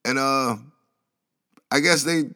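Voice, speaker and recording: Taking his time, a man with a mid-range, pushed and bright voice rambles through a news story as a commentary vlogger. He's slangy and casual, laughing at his own asides as he goes.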